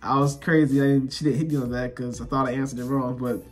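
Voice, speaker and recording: A young man vlogging, telling a story casually to his viewers with relaxed slang and lots of repetition. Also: medium pitch, fast, faint music behind. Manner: relaxed slangy talk, repeats himself, addresses viewers directly.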